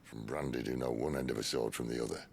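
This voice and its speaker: An actor playing a wry middle-aged outlaw leader in a video game, easygoing and dry. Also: male voice, very deep voice, steady tone, fast talker, creaky, a little hiss or hum, heavily acted. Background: game music.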